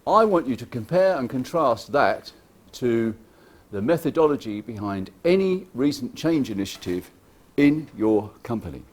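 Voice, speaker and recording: A man giving a lively, irreverent conference talk, joking with the audience and acting out what clients say. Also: mid-range voice, moderate pace, few pauses. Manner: acts out clients' lines in quoted voices. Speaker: conference speaker. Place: conference hall.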